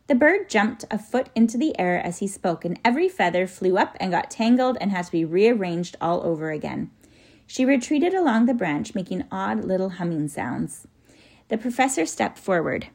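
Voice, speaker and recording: A woman narrating a children's storybook in a soft, even, descriptive manner. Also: medium pitch, moderate pace, creaky. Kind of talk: audiobook storytelling.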